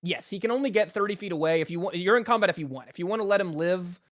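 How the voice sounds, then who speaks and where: A man's voice: high voice, rapid-fire. A man narrating as game master in a casual tabletop game, rambling with lots of ums and laughs.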